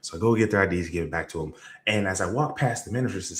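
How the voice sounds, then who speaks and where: A fairly low-voiced man gives a motivational sales talk. He tells his story with punchy energy and leaps up in pitch for emphasis. The sound rings in an echoey room. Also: fast talker. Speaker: sales trainer. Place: event room or video call.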